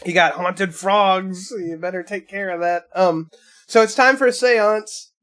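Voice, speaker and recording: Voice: medium pitch, measured pace, fairly bright tone. A co-host in casual movie chat who laughs often while recapping scenes. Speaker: podcast co-host.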